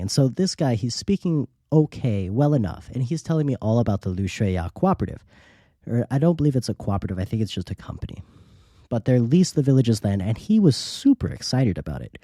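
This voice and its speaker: This studio-quality, dry recording features a medium-pitched man hosting a podcast. Recounting a travel story in a relaxed, lively way, he performs the quoted lines of the people he encountered.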